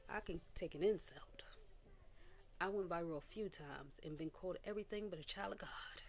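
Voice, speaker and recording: In a casual vlog, this young adult woman speaks at normal speed with a lowish voice, candidly recounting a personal testimony. She acts out what people told her, slipping into quoted voices with small laughs.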